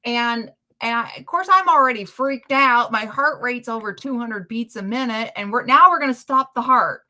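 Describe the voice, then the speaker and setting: A woman hosting a casual chat stream, telling stories in a chatty, animated way. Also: fairly high pitch, moderate pace. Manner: chatty storytelling, animated retellings. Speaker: livestream host.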